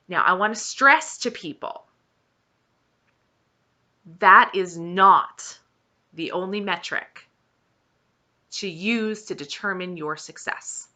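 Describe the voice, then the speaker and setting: A woman's voice: on the low side, takes it slowly, long pauses, pushed and bright. A woman who talks earnestly and encouragingly about her own weight-loss journey, stressing points by repeating them and sounding close to tears. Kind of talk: heartfelt personal talk to camera.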